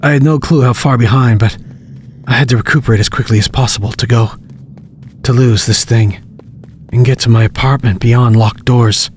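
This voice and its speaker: Guy reading his own creepy story, tense, hushed, building up, slight hiss under it. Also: medium pitch, steady tone, normal speed. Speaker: narrator and author. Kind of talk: scripted horror story narration.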